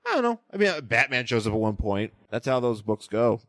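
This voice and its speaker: A man co-hosts a loose comic book podcast with a lively, bouncing voice. He jokes constantly, breaks into silly voices for quotes and often trails off mid-thought. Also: medium pitch, brisk, no room sound. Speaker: podcast co-host.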